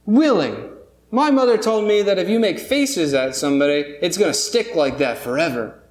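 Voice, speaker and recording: Man putting on a shrill gossiping woman. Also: expressive, moderate pace, roomy sound. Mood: scolding. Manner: squinting, scolding, self-righteous. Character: gossipy, sharp-tongued older woman.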